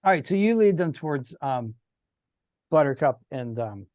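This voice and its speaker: A man's voice: fairly high pitch, animated, a little mellow, dry recording, clean studio sound. A man acting as game master, narrating a tabletop game over a video call with many restarts. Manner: halting, searching for words.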